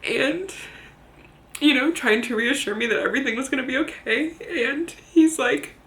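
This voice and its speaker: A young woman vlogging, telling a personal story to the camera in a candid, halting way, swearing now and then and close to tears. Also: high-pitched, fairly bright tone. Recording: roomy echo.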